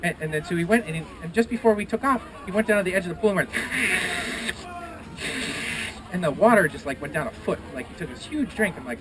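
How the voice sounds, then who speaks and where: A man telling a story to a festival audience, lively and playful, gasping and making sound effects as he acts out the characters. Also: high voice, rapid-fire, few pauses. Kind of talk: animated storytelling to a live audience. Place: outdoors at a renaissance festival. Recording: noisy outdoor live recording.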